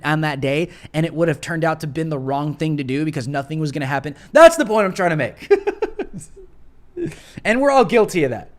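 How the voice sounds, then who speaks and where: A man hosting a live political commentary stream, talking in an animated, repetitive and slangy casual way while reading viewer donations. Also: on the high side. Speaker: host of a live show.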